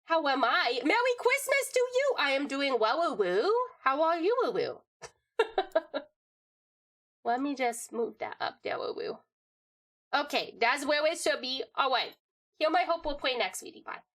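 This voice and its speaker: A tiny baby tiger creature babbles in cutesy baby talk, voiced by a woman streamer. The voice sits high and squeaks, and it leaps up and down in pitch. The grammar breaks like a toddler's. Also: big pitch swings, unhurried, long pauses, fairly bright tone, heavily acted. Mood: playful. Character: baby version of her tiger-like creature persona.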